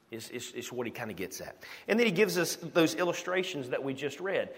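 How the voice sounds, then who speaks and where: A man's voice: a little high, very animated, normal speed, fairly bright tone. A man from the United States preaching a sermon, telling a story with animation and asking the congregation questions. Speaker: pastor. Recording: long hall reverb.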